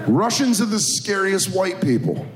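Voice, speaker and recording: A male stand-up comedian delivers self-mocking, deadpan punchlines, his pitch swinging widely as he acts out the bits. The set is taped live in an echoey club room with lots of crowd noise and laughter. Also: a little slow. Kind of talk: stand-up routine. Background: audience laughter.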